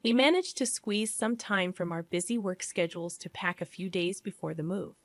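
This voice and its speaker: A woman narrating a first-person family story in an even, measured way. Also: fairly low pitch, no echo.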